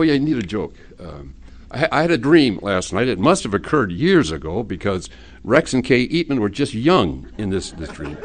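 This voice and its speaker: A male pastor delivers a sermon in a folksy, joking way, often stopping and starting mid-sentence with fillers. His voice moves lively up and down through the talk. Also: mid-range voice.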